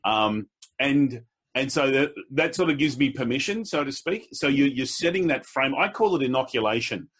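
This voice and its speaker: Husky man telling stories in conversation. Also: animated, normal speed, a bit bright. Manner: storytelling, slips into quoted voices with pitch jumps. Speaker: public speaker. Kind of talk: casual conversation.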